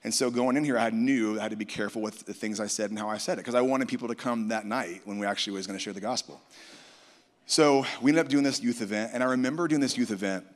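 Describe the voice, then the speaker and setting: A man's voice: fairly low pitch, fast. A man telling a personal testimony at a conference, storytelling and quoting others. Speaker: worship musician. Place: large conference hall. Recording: reverberant hall.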